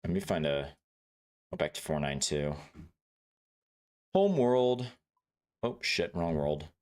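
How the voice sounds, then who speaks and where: A man's voice: rumbling low, expressive, slow, a little mellow. A man casually chatting with viewers during a gameplay livestream, swearing freely, laughing and greeting chat by name.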